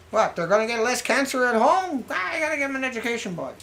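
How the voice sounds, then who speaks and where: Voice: mid-range voice, animated, moderate pace, vocal fry, fairly bright tone. A video blogger reading out news headlines in a rambling, sarcastic way, muttering asides to themself.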